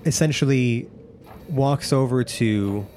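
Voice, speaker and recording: A man's voice: medium pitch, takes it slowly, a little mellow, a little hiss or hum. A man narrating as game master, rambling with many fillers.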